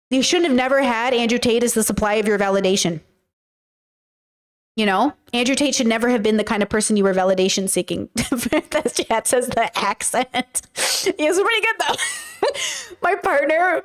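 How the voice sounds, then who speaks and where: A woman's voice: on the high side, normal speed, pauses often. A woman hosting a livestream in casual talk, candid and profane, talking to her chat. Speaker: livestream host.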